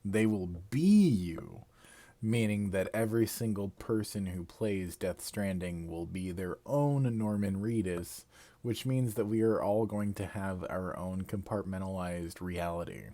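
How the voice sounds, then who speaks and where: A man's voice: deep voice, fairly even intonation, a little slow, dark tone. A man streaming live, walking through a game theory in a rambling, casual way, swearing and laughing at himself as he goes.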